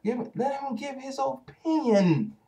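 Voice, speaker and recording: A man's voice: very high-pitched, animated, a little slow, warm tone. A man giving casual ranting commentary as a vlogger, heated and profane, speaking straight at the hosts he criticizes.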